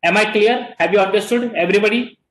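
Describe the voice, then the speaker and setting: An Indian man teaches an online class in a high voice, switching between Hindi and English. He repeats words as he explains. The sound echoes in a roomy space. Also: fast talker, a bit bright. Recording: echoey room.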